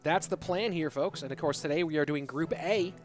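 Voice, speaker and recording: A man casting a live esports match on his own, answering chat between excited play calls. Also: fairly high pitch, a little fast. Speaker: esports caster. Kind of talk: solo live esports commentary with chat reading. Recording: loud music behind voice.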